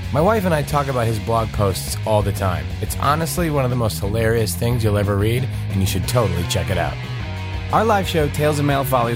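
A man hosting a podcast, reading the closing announcements and plugs in a plain, friendly way. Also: mid-range voice. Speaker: podcast host and producer. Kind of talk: scripted outro announcements. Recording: music playing under the voice.

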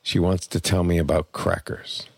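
A man reading a personal memoir aloud in plain, measured first-person storytelling. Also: sits low, flat delivery, creaky, dry recording. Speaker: memoir narrator.

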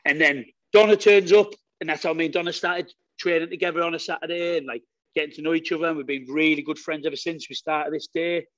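Man, podcast guest, energetic and sweary, fairly high voice, dry sound. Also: quick pace, no room sound, dull audio. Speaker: guest strongman athlete. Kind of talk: casual podcast chat.

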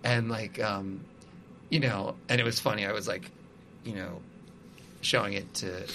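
Musician guest, male, bright voice, loose rambling talker full of fillers. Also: on the low side, steady tone, unhurried, slight background noise. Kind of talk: casual conversation.

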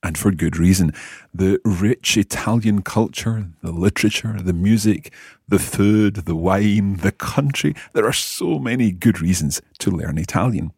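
A man's voice: low-pitched, a little slow, gravelly, a little mellow, slightly rough, no echo, studio quality. A man hosting a language-lesson podcast as the teacher, with an enthusiastic, teacherly delivery.

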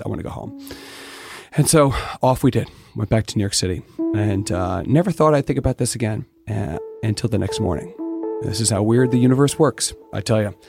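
A middle-aged man with a somewhat low voice tells his story in a relaxed interview. He talks candidly and with feeling, throwing in the odd curse word. Quiet guitar music plays faintly behind him. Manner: candid, animated, swears freely. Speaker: interview guest, distillery owner.

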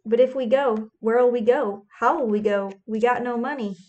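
A woman's voice: on the high side, fairly even intonation, normal speed, a little mellow, muffled recording, natural voice. A woman reading the lines of desperate poor tenant farmer men, pleading and urgent in her own voice. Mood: defiant.

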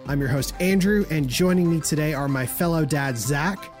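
A man's voice: fairly high pitch, normal speed, over music. A man hosting a podcast, opening the show and introducing his co-hosts in an upbeat way. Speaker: podcast host. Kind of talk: scripted show opening then casual chat.

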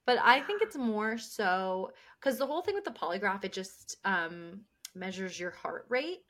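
A woman's voice: fairly high pitch, sing-song, normal speed, a bit bright. A woman co-hosting a podcast, chatting casually as she recaps a TV episode, laughing often and acting out the characters' lines. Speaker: podcast co-host.

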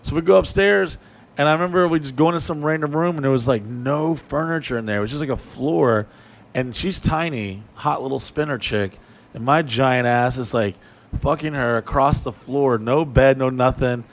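A man's voice: mid-range voice, moderate pace, slight background noise. A man on a podcast telling a long, crude, rambling story in casual chat, cursing often. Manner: profane, animated, rambling. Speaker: podcast co-host.

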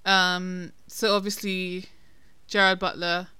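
A woman's voice: on the low side, flat delivery, takes it slowly, pushed and bright, clear, resonant tone, dry recording. A woman co-hosting a casual film-review podcast, talking in a chatty, hesitant way with many ums and restarts. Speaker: podcast co-host.

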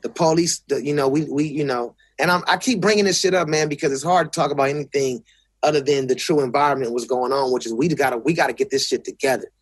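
Husky LA guy cussing and restarting in a casual interview, dry close sound. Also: mid-range voice, quick pace, no room sound. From South Central Los Angeles. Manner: blunt, profane, restarts often. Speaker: guest.

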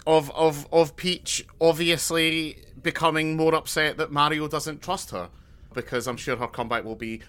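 A young man co-hosting a podcast, spinning rambling deadpan jokes in casual chat with frequent restarts. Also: fairly high pitch, normal speed, clear, resonant tone. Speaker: podcast co-host.

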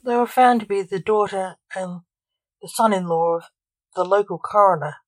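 A woman narrating a story aloud in a measured, plain reading voice. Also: mid-range voice, dry recording, low-quality recording.

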